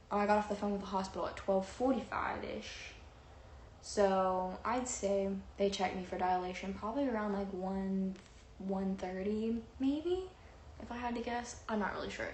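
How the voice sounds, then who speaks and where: Seated before the camera, a young woman vlogger rambles animatedly through a personal story, packed with fillers and acted-out quotes. Her voice sits in the middle range, and the room gives a noticeable echo over a faint hiss of background noise.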